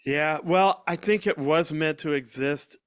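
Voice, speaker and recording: A man's voice: fairly high pitch, a little slow, clear, resonant tone, no echo. Man, podcast host, blunt, emphatic, dry close sound. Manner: blunt, emphatic, acts out quoted voices. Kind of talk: casual conversation.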